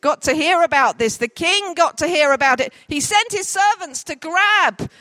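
A woman telling a story to a group, directing volunteers as they act it out, with lively, jokey asides. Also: very high voice, moderate pace, dry recording. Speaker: children's storyteller.

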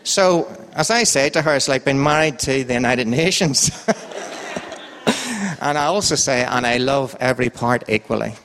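A man's voice: mid-range voice, normal speed, fairly bright tone, long reverb tail, a little hiss or hum. An Irish man leading an informal Bible talk with a quiz, chatty and joking, with a sing-song voice that goes up and down. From Ireland. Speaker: church group leader.

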